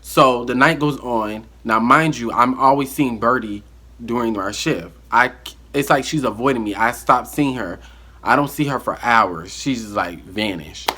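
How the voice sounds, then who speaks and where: Guy from the us doing a storytime vlog, bright kinda husky voice, animated, does all the voices. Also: mid-range voice, unhurried. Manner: animated, acts out the dialogue. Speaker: vlogger telling a story. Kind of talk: casual storytime monologue.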